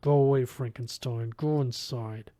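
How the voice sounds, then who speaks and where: A man voicing a surly grown man in a storybook reading, muttering insults under his breath. The voice is low and mellow. The sound is dry. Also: fairly even intonation, measured pace, no room sound, natural voice. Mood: hostile.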